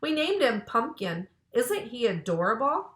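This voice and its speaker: Chirpy zookeeper lady from a storybook, bright voice, read by a woman. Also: on the high side, big pitch swings, measured pace, a little hiss or hum. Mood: cheerful. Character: cheerful female zookeeper. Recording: roomy echo.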